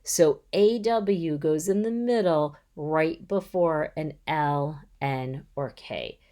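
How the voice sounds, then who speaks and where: A woman's voice: deep voice, warm tone. A woman in middle age giving a patient, step-by-step voice-over lesson for reading tutors. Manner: slow, patient, explaining step by step. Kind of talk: instructional voice-over.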